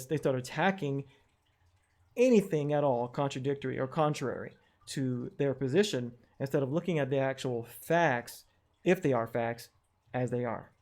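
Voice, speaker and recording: Male educator, slightly high pitch, wry and skeptical, casual tutorial delivery with fillers. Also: a little mellow. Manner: skeptical, questioning, reads quotes aloud with wry asides; frequent fillers and restarts, chuckles at jargon. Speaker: educator explaining online research. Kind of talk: screen-share tutorial talk.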